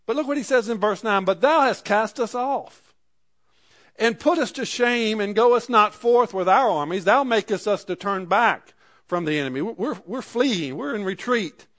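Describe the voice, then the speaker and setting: Man, preacher, high voice, reads scripture then paraphrases it, sermon. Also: animated, moderate pace, a bit bright. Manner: reads scripture aloud and paraphrases it in plain speech.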